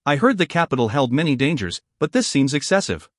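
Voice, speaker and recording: A man's voice: a little high, sing-song, brisk, no echo, studio quality. A man voicing a composed young lady with a Welsh accent who speaks steadily and directly. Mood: steady.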